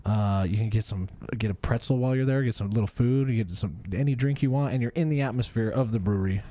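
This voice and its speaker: A man hosting a podcast in relaxed chat, reading sponsor spots with lots of fillers. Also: medium pitch, fast talker, no echo. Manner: easygoing, filler-heavy. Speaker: podcast host. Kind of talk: casual chat with sponsor reads.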